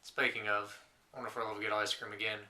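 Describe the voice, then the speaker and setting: A man's voice: lowish voice, little pitch movement, quick pace, sharp tone. A young man playing a lonely last man on earth, telling wry rambling stories to camera in a scripted comedy monologue.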